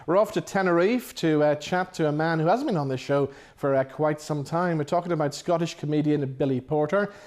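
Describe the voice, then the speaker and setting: A man's voice: a little high, brisk, few pauses, darkish tone, dry recording. Man hosting a TV chat show. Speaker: TV show host. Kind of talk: broadcast interview.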